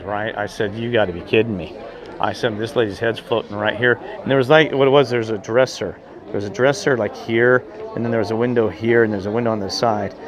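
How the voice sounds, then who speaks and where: A man telling a rambling, excitable story in casual chat, gesturing as he talks outdoors. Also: on the low side. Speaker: vlogger telling a ghost story.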